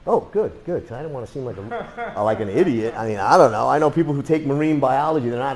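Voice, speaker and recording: A man's voice: medium pitch, animated, fast talker, a little mellow. Rambling, sarcastic male self-defense instructor. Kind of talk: casual live class talk.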